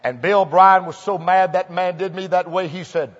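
A man preaching a revival sermon, telling folksy stories and building to fervent shouting. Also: high-pitched, steady tone, moderate pace. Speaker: pastor. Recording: muffled old recording in a large hall.

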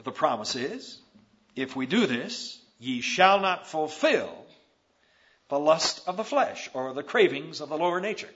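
A man's voice: on the high side, big pitch swings, a little slow, fairly bright tone. A man preaching a sermon with emphatic, rising stresses, on a dull lo-fi recording.

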